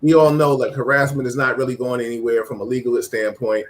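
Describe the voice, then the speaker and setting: A man's voice: medium pitch, flat delivery, fairly quick. A man hosting a casual talk show, reading out viewer comments and retelling stories with energy. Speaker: host. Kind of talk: casual chat.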